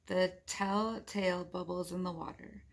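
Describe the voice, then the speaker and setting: A woman's voice: fairly low pitch, level tone, measured pace, vocal fry. A woman reading aloud the lines of a worried, fussy mother from a picture book, with fretful, mildly disgusted remarks.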